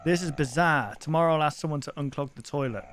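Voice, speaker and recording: A man voicing a polite male video-store shopkeeper in a game, reading the lines in a lowered, courteous voice. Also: fast talker, a bit bright, faint music behind, close to an everyday voice. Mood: politely apologetic.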